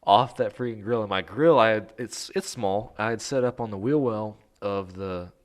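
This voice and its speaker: A man with a low, deep voice chats casually on a podcast. He rambles through his stories with plenty of fillers and restarts, and he laughs easily as he goes. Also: normal speed. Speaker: podcast host. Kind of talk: casual chat.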